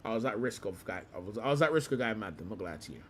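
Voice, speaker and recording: A man's voice: lowish voice, lively intonation, racing, slight background noise. A young man, hosting a livestream in a profane, slang-heavy rant. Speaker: livestream host.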